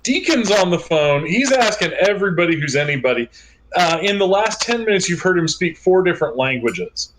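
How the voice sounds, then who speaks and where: A man narrating as game master of a tabletop game, in a relaxed way with many fillers and restarts. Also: high voice, a little fast, a little hiss or hum, rough recording.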